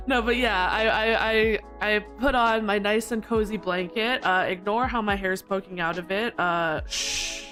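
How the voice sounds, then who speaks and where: Woman streamer, casual rambling chat, giggly, mid-pitched with squeaky outbursts. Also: measured pace, a bit bright, faint music behind. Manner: giggly, rambling, with frequent laughter; squeaky high protests when flustered.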